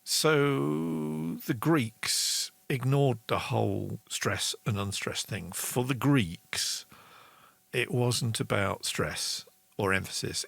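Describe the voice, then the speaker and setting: Middle-aged male host, low and gravelly, slow delivery, chatty and enthusiastic teaching tone. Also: fairly bright tone, no room sound. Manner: chatty and enthusiastic, reads viewer comments aloud, sings rhythm syllables. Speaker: songwriting show host. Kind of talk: casual online songwriting lesson.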